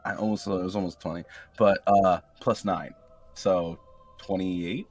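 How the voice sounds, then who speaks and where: A man playing a tabletop game, chatting casually in an excitable, playful way with some swearing. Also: low-pitched, measured pace. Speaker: player. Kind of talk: casual chat.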